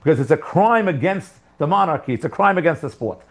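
A man's voice: on the high side, lively intonation, fast. Man teaching a text-study class, questioning aloud. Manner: thinking aloud, rhetorical questions. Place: living outside America.

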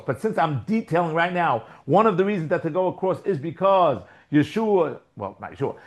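A man teaching a live Torah class, talking conversationally, restarting phrases and putting questions to his students. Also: fairly high pitch.

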